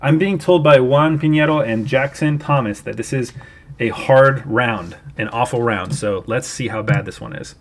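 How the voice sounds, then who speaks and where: A man's voice: medium pitch, normal speed. Chatty man explaining on a livestream. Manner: chatty, explaining and thinking aloud. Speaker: livestream host. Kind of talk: casual livestream chat.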